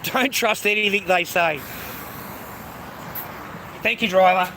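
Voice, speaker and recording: A man's voice: sits high, slow pace, gravelly, pauses often, background noise. An Australian man ranting to his viewers in a repetitive monologue, swearing heavily and calling his listeners mate and bro.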